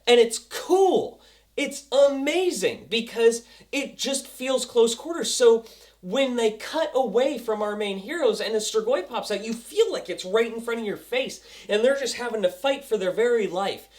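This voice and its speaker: Young male TV reviewer, casual and excitable, acts out the action with sound effects. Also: very high-pitched, a little slow. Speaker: TV episode reviewer.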